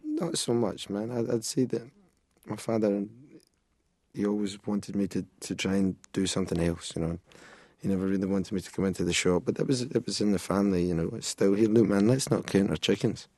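A man's voice: lowish voice, fairly quick, mellow, no echo. A man with a Scottish accent, a musician being interviewed, chatting casually and joking in a loose, playful way. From Scotland. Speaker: musician guest.

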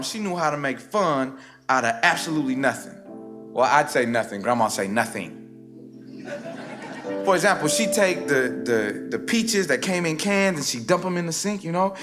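Male rapper doing spoken word, slightly high voice, wry and rhythmic, guitar playing clearly behind him. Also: a bit bright. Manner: rhythmic, wry, with dramatic pauses. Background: guitar music.

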